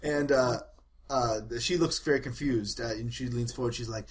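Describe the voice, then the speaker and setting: A man narrating as game master of a tabletop role-playing game, talking loosely and breaking into shouted character voices. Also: mid-range voice, normal speed. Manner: animated, puts on shouted voices for villagers.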